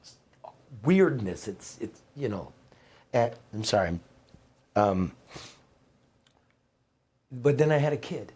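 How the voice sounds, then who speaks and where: Husky middle-aged guy rambling through stories, pushes hard on some words. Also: mid-range voice, expressive, slow, pauses often, a little mellow. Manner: rambling, heartfelt, with restarts and bursts of emphasis. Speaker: guest, former newspaper reporter. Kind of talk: conversational storytelling.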